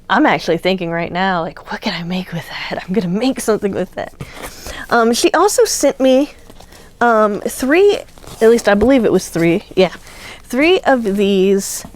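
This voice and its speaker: A woman hosting a craft channel, chatting casually and gushing as she shows off yarn, with plenty of fillers. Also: mid-range voice. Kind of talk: casual unboxing chat.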